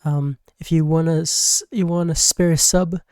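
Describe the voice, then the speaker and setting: A gaming YouTuber giving a casual, rambling game recap, full of fillers and quickly acting out the characters' lines. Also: medium pitch, fairly even intonation, a little mellow, smooth, dry recording, studio quality.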